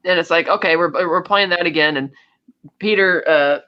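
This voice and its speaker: A man co-hosting a podcast, casually retelling a film plot in a rambling, animated way. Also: on the high side, normal speed, clean tone, dull audio. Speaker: podcast co-host. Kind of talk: casual chat, film recap.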